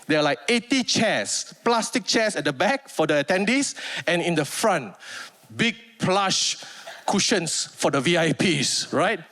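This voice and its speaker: A man's voice: high voice, measured pace. A man with a Malaysian English accent telling a stand-up story on stage and acting out the people in it. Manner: animated, acts out other people's lines in character. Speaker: stand-up comedian. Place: stage before a live audience.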